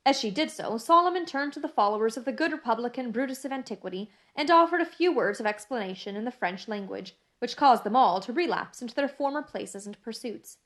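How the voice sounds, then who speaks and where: A woman narrating a classic novel in a measured, even reading style. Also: fairly high pitch. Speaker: audiobook narrator.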